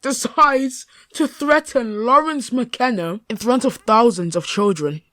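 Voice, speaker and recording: A man's voice: extremely high pitch, unhurried, pushed and bright, no echo, studio quality. A man hosting a reaction video, mocking and chatty in his commentary. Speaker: YouTube reaction host.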